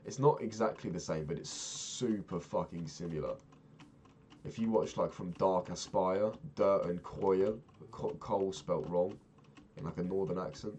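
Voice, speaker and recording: A young man chatting casually while playing a game, rambling and swearing, sounding low and sad. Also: a little mellow, slight background noise. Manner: swears often, rambling and candid. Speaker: Minecraft vlogger.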